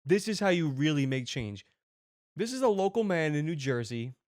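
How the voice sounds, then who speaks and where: A man hosting a comedy reaction show, riffing excitedly on a video clip. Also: a little high, moderate pace, dry recording, clean studio sound. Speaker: comedy commentary host. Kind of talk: comic video reaction commentary.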